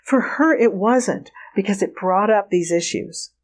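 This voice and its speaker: Animated woman telling stories. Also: mid-range voice, measured pace. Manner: animated storyteller, acts out quoted dialogue, laughs often. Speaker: remote viewing trainer, guest. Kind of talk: conversational interview.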